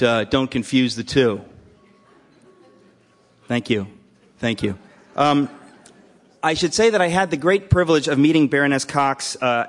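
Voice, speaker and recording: A man hosting a live event, introducing the evening's speaker with dry, deadpan jokes and asides. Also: mid-range voice. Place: hall with a live audience.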